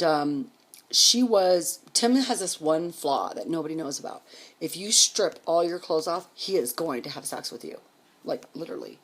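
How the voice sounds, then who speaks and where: A woman casually telling a personal story, blunt and full of swearing, clearing her throat now and then. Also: sits low. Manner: blunt, profane, candid.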